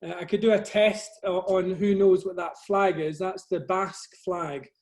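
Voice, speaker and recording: Man, soft Scottish accent, middle-aged, slightly high voice, modest, chatty video-call talk. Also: fairly even intonation, moderate pace. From Scotland. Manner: modest, conversational, self-deprecating. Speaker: guest speaker, photographer. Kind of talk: presentation over a video call.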